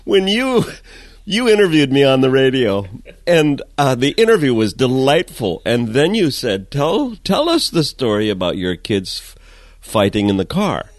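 Lively man telling stories. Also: medium pitch, a little slow, no room sound. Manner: animated storyteller, swinging from loud to hushed. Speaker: guest, comedic storyteller. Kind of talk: casual interview chat.

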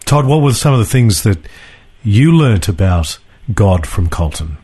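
Husky-voiced male interview host. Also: on the low side, sing-song, measured pace, dark tone. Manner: short reactions and prompting questions. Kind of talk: broadcast interview.

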